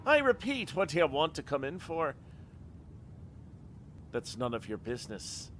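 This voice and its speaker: A man's voice: fairly high pitch, wildly swooping pitch, a little slow, fairly bright tone, slight background noise, voice pushed up, full character voice. A man voicing a suspicious, bullying tavern doorman in a put-on working-class London accent, blunt and menacing.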